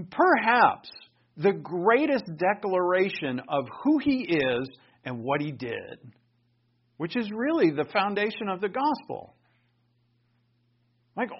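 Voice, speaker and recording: A man's voice: a little high, dull audio. A man teaching the Bible in an emphatic, conversational way, thinking aloud and restarting his sentences.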